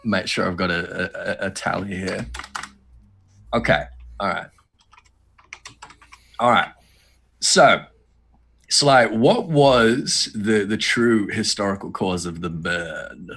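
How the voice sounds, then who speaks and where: Bright-voiced man running a quiz. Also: low voice, animated, slow, creaky, pauses often, husky. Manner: rambling, repeats words, swears freely. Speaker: quiz host. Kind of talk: casual podcast chat.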